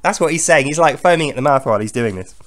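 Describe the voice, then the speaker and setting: Scornful man with a lively voice. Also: a little high, fast talker. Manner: sarcastic, scornful, chuckling. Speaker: video host. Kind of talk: mocking commentary monologue.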